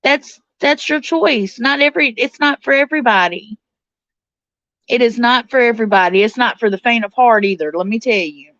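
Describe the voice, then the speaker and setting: Speaking at a moderate pace, this livestream host has a fairly high, fairly bright voice as she chats casually and responds to comments from viewers. The recording is dry, dull, and a bit lo-fi.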